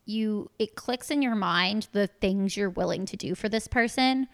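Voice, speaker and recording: A woman in her thirties trades stories on a podcast in loose, casual chat. She is dry and wry, swears freely, and fills her sentences with "like" at a mid-level pitch for a woman. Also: measured pace. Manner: wry, profane, lots of "like" fillers. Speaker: podcast co-host.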